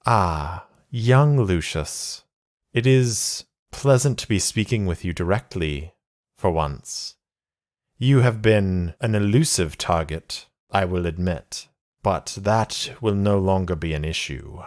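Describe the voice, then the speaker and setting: A man's voice: low-pitched, darkish tone. A man doing a gloating villain on comms. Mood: menacing. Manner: cold, gloating, unhurried. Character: menacing rival clan leader hailing over comms.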